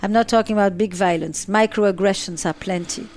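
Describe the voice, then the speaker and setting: A woman's voice: mid-range voice, a little fast, darkish tone. A woman therapist answering interview questions, stressing points by repeating and listing words. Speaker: relationship therapist.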